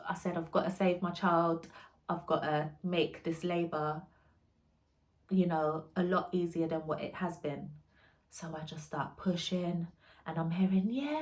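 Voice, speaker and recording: A young woman telling her birth story, soft, halting and often hushed. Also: lowish voice. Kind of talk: emotional personal storytelling.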